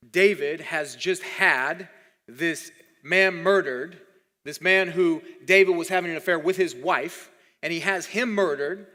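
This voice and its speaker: A man's voice: on the high side, sharp tone, big-room sound. A man preaching a sermon as pastor, conversational and often repeating words while he thinks. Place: church hall.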